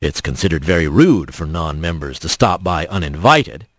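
A stern hawk sergeant of the woods, gruff and clipped, as a man reads him. His voice sits deep and rumbling, dropped well below an ordinary speaking voice, and the storybook recording is close and dry. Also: lively intonation, normal speed, no echo. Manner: low rumbling, curt and dry.

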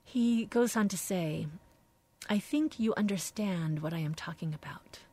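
A woman radio host reading aloud from a devotional book in a slow, reflective, soft-spoken way, dropping now and then into hushed phrases. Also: mid-range voice, no room sound.

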